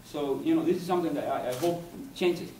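His voice is a little high and warm: a Cuban poet, native Spanish speaker, lecturing in English in a university room. He halts, digresses and searches for words, and the recording is echoey, distant and faintly hissy.

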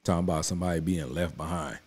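A man with a deep, darkish voice and a breathy edge speaks quickly as he reacts to a political speech from his home studio. He answers the clip directly in repetitive, emphatic street talk, his heat steadily rising.

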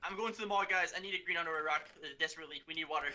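A man chatting through a live game with friends, quick and offhand with laughing asides. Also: a little high, background noise. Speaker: gaming channel regular. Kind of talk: live gameplay chat with friends.

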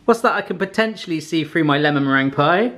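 A man's voice: fairly high pitch, expressive, fast, fairly bright tone. A man hosting a casual vlog, chatty and jokey. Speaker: vlog host.

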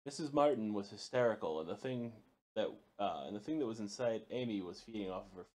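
A man playing a horror game, reading its notes aloud haltingly, with frequent stumbles, and swearing or yelping when startled. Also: on the low side, animated, darkish tone. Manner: reads in a halting way, stumbling and restarting words. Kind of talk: let's play commentary.

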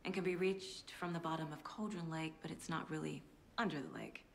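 An actress playing a methodical federal agent, recapping facts in a measured, matter-of-fact way. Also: female voice, deep voice, steady tone, a little hiss or hum. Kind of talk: game dialogue.

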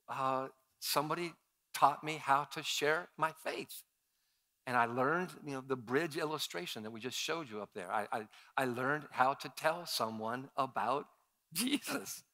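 A man preaches from a church pulpit, his voice sitting a little high and sounding bright and forceful. He tells personal stories, dropping low and quiet and then rising sharply as he acts out his younger self. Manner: storytelling, animated, acts out his own past voice. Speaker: pastor. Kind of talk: sermon. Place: church sanctuary.

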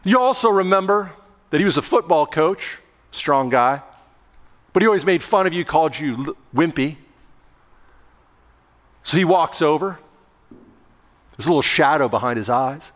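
High-voiced male pastor, lively storytelling sermon, long sanctuary reverb. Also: normal speed, pauses often. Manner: lively storytelling with acted-out yelling. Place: church sanctuary.

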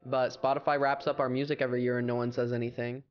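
A man's voice: mid-range voice, level tone, fast, clear, resonant tone, muffled recording. A young American man chatting casually and playfully on a livestream, rambling with filler words. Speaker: streamer.

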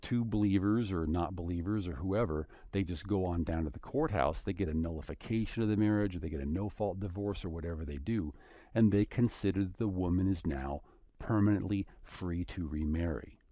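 A man's voice: low voice, fairly quick, mellow, no room sound. A man teaching scripture in an earnest, conversational way, paraphrasing passages in everyday words. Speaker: Bible teacher.

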